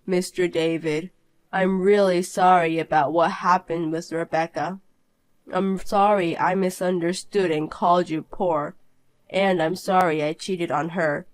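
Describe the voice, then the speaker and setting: A woman voicing a snobbish, cheating rich young man in an animated story, sneering and then pleading. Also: lowish voice, unhurried, dry recording, lightly acted, low-quality recording.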